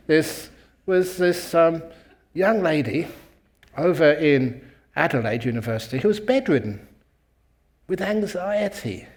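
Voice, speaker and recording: A man who is a Buddhist monk and meditation teacher, telling a humorous story in a talk and chuckling at his own jokes. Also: on the high side.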